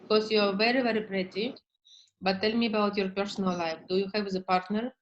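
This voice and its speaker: A woman therapist coaching a client in slow, halting English with many fillers. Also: mid-range voice, steady tone, highs cut off, slight background noise. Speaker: therapist leading a session.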